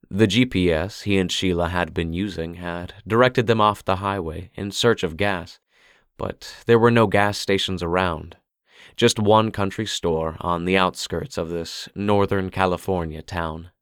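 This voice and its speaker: Brief: male audiobook narrator, deep and unhurried, dry close sound. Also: clear, resonant tone, no room sound. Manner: measured, steady reading.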